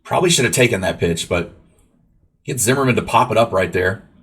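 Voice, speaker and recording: A man's voice: fairly low pitch, lively intonation, a little fast, fairly bright tone, breathy edge. A man casually narrating his own baseball video game match, rambling play-by-play full of fillers and asides to viewers. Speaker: gaming YouTuber. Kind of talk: gameplay commentary.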